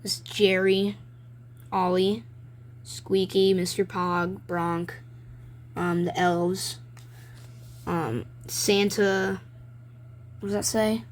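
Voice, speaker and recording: A woman's voice: medium pitch, level tone, very slow, pauses often, a little hiss or hum. A woman vlogging casually and rambling, with many ums and likes, as she shows her own drawings. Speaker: video maker. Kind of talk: casual show-and-tell vlog.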